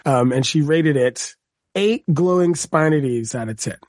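A man co-hosting a podcast, chatting casually and telling jokes with animated energy. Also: fairly high pitch, a little slow, dry recording, clean studio sound. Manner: animated, joking storyteller. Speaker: podcast co-host. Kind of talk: casual chat.

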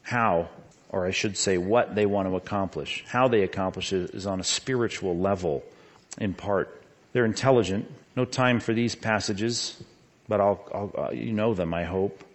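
A middle-aged man preaching a sermon as pastor, animated, with frequent rhetorical questions. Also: fairly low pitch, moderate pace.

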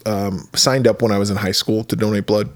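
A man's voice: fairly low pitch, flat delivery, fairly quick. A man co-hosting a film podcast in casual chat, telling a story with frequent swearing and laughter. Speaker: podcast co-host.

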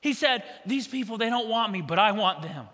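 A man preaching a sermon as pastor, conversational and energetic with quick asides to the congregation. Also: high voice. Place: church hall. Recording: long church hall reverb.

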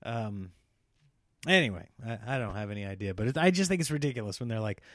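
A man's voice: lowish voice, expressive, fast talker, fairly bright tone, no room sound. Rambling comedian man, dry close mic. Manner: rambling, self-interrupting, laughs at himself; mocks politicians in a put-on speech voice. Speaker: comedian podcast host. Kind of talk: rambling solo comedy podcast.

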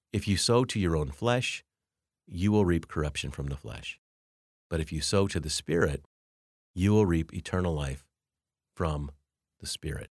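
A man with a very low voice delivers an emphatic Bible lecture, reading scripture passages aloud to make his points. The recording is close and dry, with no room sound. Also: no echo. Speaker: Bible teacher. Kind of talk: theology lecture.

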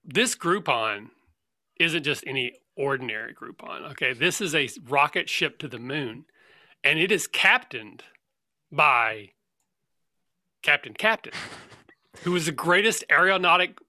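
A man's voice: on the high side, expressive, unhurried, long pauses, pushed and bright, no room sound, clean studio sound. A man playing an ostrich in a tabletop game, speaking in an earnest, mock-serious way. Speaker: player. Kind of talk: in-character role-play chat.

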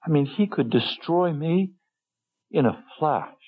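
A man preaching a sermon in an earnest, emotional way, his voice often dropping low and soft. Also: animated, a little slow. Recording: muffled lo-fi sermon recording.

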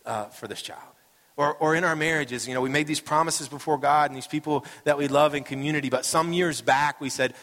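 A man's voice: a little high, brisk, a bit bright. A man pastor giving a conversational sermon, telling stories and acting out what people say. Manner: casual and storytelling, acting out quoted voices. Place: church sanctuary. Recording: reverberant hall sound.

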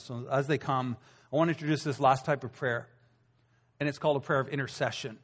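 A middle-aged man preaching a sermon as pastor, in a conversational, animated storytelling manner with acted asides. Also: medium pitch. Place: church hall. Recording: long hall reverb.

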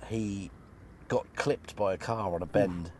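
A man phoning in to a podcast, telling a story in a matter-of-fact, measured way over a faint background hiss. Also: deep voice. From England. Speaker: caller. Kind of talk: phoned-in story.

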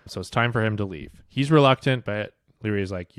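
A man's voice: on the low side, brisk, no room sound, clean studio sound. A man co-hosting a podcast, recapping book chapters in laid-back casual chat, laughing often and swearing casually. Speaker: podcast co-host.

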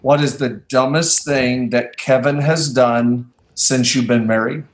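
Man quiz host, unhurried, playful, laughs often. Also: medium pitch, fairly even intonation, reverberant. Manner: playful, laughs a lot, drawn-out questions. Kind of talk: casual quiz game chat.

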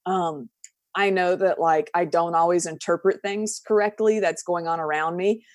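A woman from the southern United States speaks with a Southern accent in a relaxed podcast chat. Her voice sits a little low, and she is candid, laughs easily and lets sentences trail off. The sound is close and dry. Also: moderate pace, dry recording. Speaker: guest. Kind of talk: casual podcast conversation.

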